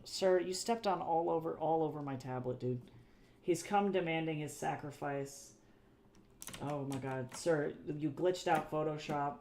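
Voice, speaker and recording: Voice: medium pitch, a little slow, a little mellow, slight background noise. Chatty rambling artist on a live stream. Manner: chatty and rambling, with frequent self-corrections and repeated phrases; swears casually and laughs at own jokes. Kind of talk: casual live-stream chat while drawing.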